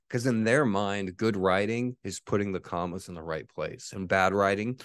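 A man's voice: fairly low pitch, normal speed, few pauses, smooth, no room sound, clean studio sound. A man hosting his own show, talking in a rambling, profane monologue full of restarts. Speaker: podcast host and author. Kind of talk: casual monologue.

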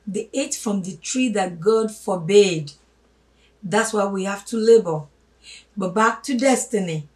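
A woman giving a spoken sermon, emphatic, swinging from loud stresses to hushed asides and calling listeners her brothers and sisters. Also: medium pitch, measured pace. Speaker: religious teacher. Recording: voice a little distant from the mic.

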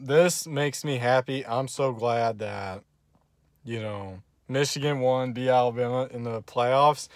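A young man, gloating and laughing in an excited fan reaction vlog. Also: medium pitch, no room sound, studio quality. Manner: gleeful, taunting, bursts into loud laughter. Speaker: vlogger.

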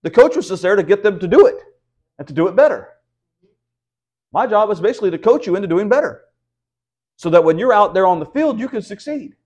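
Higher-voiced man preaching with rhetorical questions. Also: expressive, a little fast, long pauses, a little mellow, highs cut off. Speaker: pastor. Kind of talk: house church Bible teaching.

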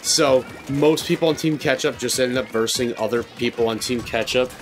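A man's voice: medium pitch, moderate pace, soft background music. A man co-hosting a let's play, chatting casually and rambling through stories while he plays. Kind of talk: casual gaming commentary.

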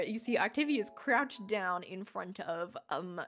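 A woman narrating a tabletop game as game master, casual and halting, with many fillers. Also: mid-range voice, lively intonation, fairly bright tone, soft background music.

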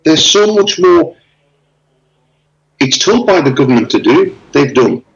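A man talking casually over a video call, spinning animated anecdotes and putting on the voices of the people in them. His voice sits a little high and swoops all over, with a gravelly edge. The call audio is dull and lo-fi. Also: measured pace. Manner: animated storyteller, acts out dialogue. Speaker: interviewee.

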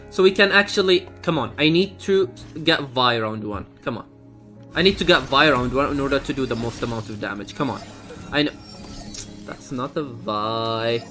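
A man's voice: medium pitch, expressive, moderate pace, fairly bright tone, soft background music. A young man giving live commentary on his own game run, exasperated and swearing, with frequent outbursts. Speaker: gamer streaming a speedrun.

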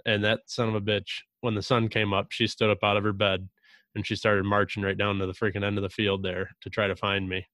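A man hosting a podcast, telling hunting stories in a relaxed, drawn-out way with mild cursing. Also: fairly low pitch, no echo. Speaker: podcast host. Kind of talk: casual hunting chat.

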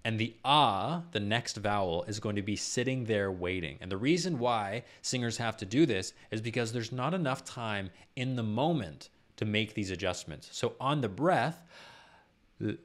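A man with a low voice, a professional singer and vocal coach explaining singing technique step by step in a YouTube lesson. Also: lively intonation, moderate pace, few pauses. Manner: patient step-by-step explaining with sung and spoken demonstrations.

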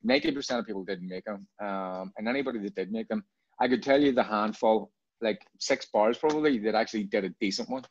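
A man talks in a low, unhurried voice, circling back and repeating words as he works through his points. The sound is dull and lo-fi, with a dry, close feel and no room echo. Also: big pitch swings, vocal fry, husky. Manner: rambling, repeats words and restarts often. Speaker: bar owner guest. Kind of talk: casual interview chat.

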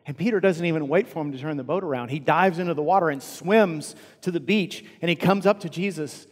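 A man with a Texan accent preaching a sermon as pastor, earnest, swinging from loud emphasis down to hushed, quiet lines. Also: a little high, fairly quick, long reverb tail. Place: large church sanctuary.

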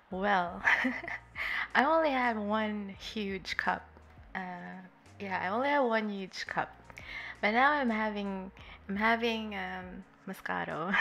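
A woman livestreaming and chatting warmly with her viewers. She giggles often, sounds nervous, and is a little tipsy. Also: medium pitch. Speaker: streamer greeting chat. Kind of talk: casual livestream chat.

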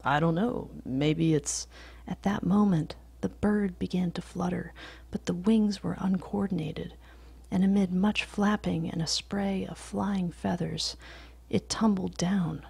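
A woman gives a whispered story reading, soft and steady. Her voice is heavily gravelly and husky. She reads slowly, in a low register, in a dry room. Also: dry recording. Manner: soft, slow, often whispered.

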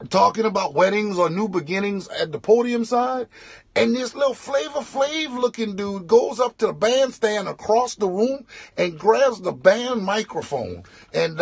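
A male comedian spins an animated story in a quick vlog, doubling back on his words for effect. His voice sits very high for a man, bright and edgy with a husky, gravelly grain. The sound is close and dry. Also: no echo. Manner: fast, animated storytelling with repetitions. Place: inside a tractor.

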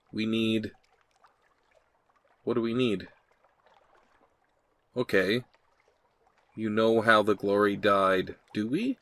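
A man's voice: on the low side, a bit bright. A man hosting a game playthrough, reading the game's text aloud and thinking aloud with hesitant ums and hmms. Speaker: let's play host.

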